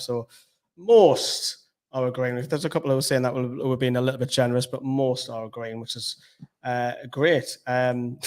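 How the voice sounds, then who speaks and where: Man, mid-pitched, host, reads comments, brisk. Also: clear, resonant tone. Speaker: host reading viewer comments. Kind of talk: casual post-match chat.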